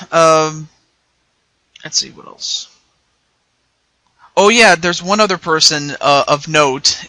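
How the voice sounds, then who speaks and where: Bright-voiced man rambling in casual chat. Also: on the high side, dry recording. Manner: rambling, stammering restarts. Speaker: YouTuber host.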